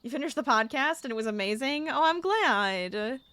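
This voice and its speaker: Streaming a game, a young woman chats with her viewers, addresses chat directly and grows exasperated with the gameplay. She speaks at normal speed in a high, lively, slightly bright voice, and the tone is clean with no echo.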